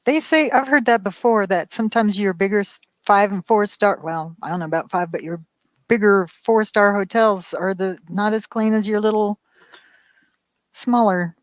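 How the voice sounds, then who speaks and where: A woman's voice: medium pitch, normal speed, no echo. Chatty woman on a dry mic. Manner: chatty, reactive. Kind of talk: casual stream chat.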